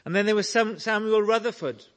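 A man preaching a sermon, slow and earnest, telling stories to make his point. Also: sits high.

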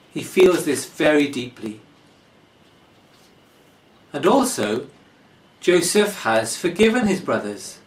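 Slow, lively-pitched preacher in an echoey church. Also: male voice, recorded from a distance. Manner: slow, deliberate expository preaching. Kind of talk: sermon.

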